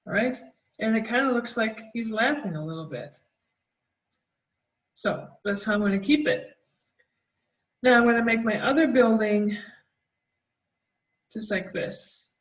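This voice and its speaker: A woman art teacher talking children through a drawing, gentle and encouraging as she draws. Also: medium pitch, distant mic. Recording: dull, roomy, from the mic.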